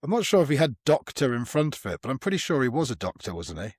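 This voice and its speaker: A man's voice: mid-range voice, sing-song, fast, darkish tone, husky, no echo, studio quality. A man hosting a podcast, asking questions in a wry, playful, casual way. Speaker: podcast host. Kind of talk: casual chat.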